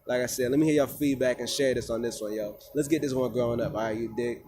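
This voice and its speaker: A man's voice: medium pitch, fairly even intonation, fast, darkish tone, slightly rough. A man, a wellness coach, talking to his viewers in an emphatic, preachy way with lots of casual slang. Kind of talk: informal monologue to viewers.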